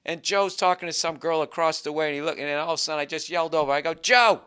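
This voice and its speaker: A man's voice: fairly high pitch, little pitch movement, racing, a bit bright, clear, resonant tone. Gleeful, profane male storyteller. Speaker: stand-up comedian.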